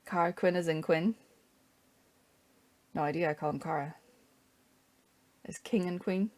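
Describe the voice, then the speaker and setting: A woman's voice: lowish voice, unhurried, darkish tone, dry recording. A woman from Canada chatting casually and wryly while streaming a strategy game, rambling between moves. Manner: chatty, rambling, wry asides.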